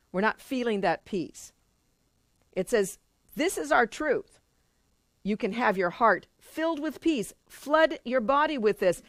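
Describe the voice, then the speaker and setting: A middle-aged woman teaches a small spiritual study group, earnest and chatty, her fairly high voice rising and falling a lot. She sometimes slips into short acted-out inner voices. The sound is close and dry, with no room echo. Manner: earnest and conversational, acts out little quoted inner voices.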